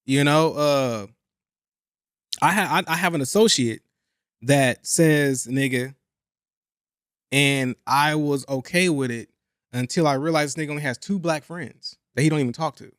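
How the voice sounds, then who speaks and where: Young guy on a podcast, higher voice, dry close sound, swears a lot and keeps hammering his point. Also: normal speed, clear, resonant tone, no echo. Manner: animated, profane, repeats himself for emphasis. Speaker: podcast host. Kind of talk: casual chat.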